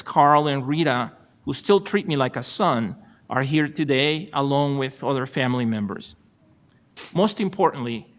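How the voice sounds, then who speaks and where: Speaking with a Salvadoran Spanish accent, a middle-aged man from El Salvador accepts his appointment as a state supreme court justice in a formal, ceremonial speech. His fairly high-pitched voice stays measured and gracious, with flashes of dry self-deprecating wit.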